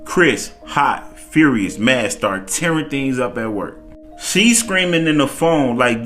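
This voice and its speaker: A man's voice: medium pitch, lively intonation, takes it slowly, fairly bright tone, soft background music. A man casually retelling a dramatic cheating story, acting out the quoted lines as he goes.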